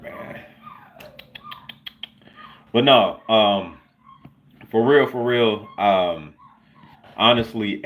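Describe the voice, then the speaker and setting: A man's voice: on the low side, dull audio, a little hiss or hum. A man hosting his own livestream, talking casually and sarcastically with many filler words. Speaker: livestream host. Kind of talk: casual solo livestream commentary.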